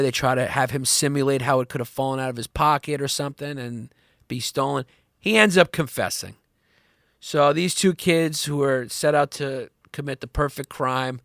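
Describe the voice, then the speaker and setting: A man hosting a comedy history podcast, rambling and profane, swinging up and down in pitch as he talks. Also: fairly bright tone, no echo, studio quality. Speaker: podcast host.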